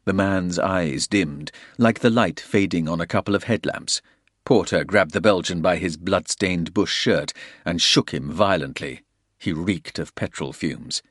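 A man's voice: low voice, unhurried, no echo, studio quality. A man reading a violent thriller aloud in a dramatic storytelling voice. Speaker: audiobook narrator. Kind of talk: scripted thriller narration.

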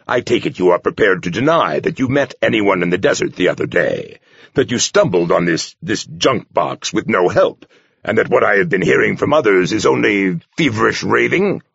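Man voicing a gruff, sarcastic old abbot. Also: fairly low pitch, fairly bright tone, no room sound, lo-fi sound, exaggerated voice. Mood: mocking. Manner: roaring, growling, mocking.

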